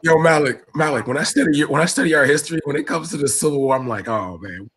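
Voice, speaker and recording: Teasing host, mock outrage. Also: male voice, fairly high pitch, quick pace, a bit bright, husky. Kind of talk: casual livestream chat.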